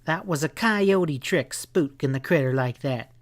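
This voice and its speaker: A man's voice: fairly high pitch, expressive, measured pace. A man voicing a fiery, defiant young cowgirl with a throaty voice in a western audiobook. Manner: curt, defiant. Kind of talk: audiobook character voice.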